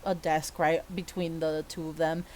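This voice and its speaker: A woman's voice: sits low, flat delivery, normal speed, darkish tone, slight background noise. A woman narrating a tabletop game as game master, in a casual, filler-heavy way.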